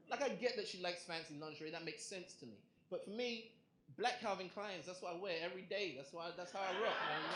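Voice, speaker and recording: A young man performing a stand-up comedy set on a club stage, telling a story in an animated way and acting out the other people's lines. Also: sits high, a little hiss or hum. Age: young adult. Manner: animated storytelling with acted-out quotes. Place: comedy club stage before a live audience. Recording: roomy live club recording. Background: audience laughter.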